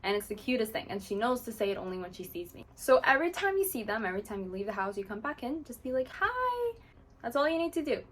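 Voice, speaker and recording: Chatty woman with a higher voice. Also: very animated, rapid-fire, hardly any pauses, a little hiss or hum. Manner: chatty and explanatory, with frequent fillers like "like". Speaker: parrot owner and channel host. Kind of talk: casual how-to talk to camera.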